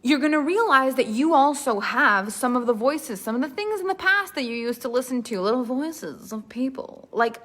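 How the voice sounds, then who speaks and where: A woman with a bright, high voice leads a live online storytelling workshop. She talks in an animated, expressive way and breaks into laughter easily. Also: normal speed, hardly any pauses. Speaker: storytelling coach.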